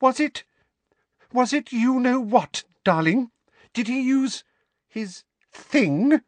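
A man voicing a fussing middle-aged housewife with a shrill, quavering voice, in an audiobook. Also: big pitch swings, measured pace, sharp tone, dry recording, heavily acted. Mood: anxious coaxing.

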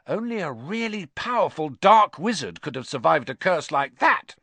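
A man voicing a stout, solemn schoolboy wizard who gossips in a conspiratorial hush. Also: a little high, very animated, moderate pace, creaky, dry recording, pitched above the performer's own voice, heavily acted.

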